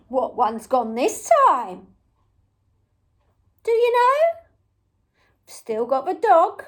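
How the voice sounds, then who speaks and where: A woman's voice: sits high, very animated, very slow, pauses often. A young woman leading a memory game for small children, gasping with surprise and making animal sounds. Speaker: early years teacher.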